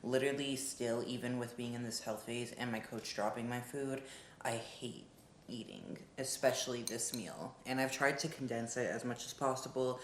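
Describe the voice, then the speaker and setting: A woman's voice: a bass voice, normal speed, a little hiss or hum. A young woman chatting candidly in a casual vlog, swearing freely as she talks. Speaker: vlogger, pro bodybuilder.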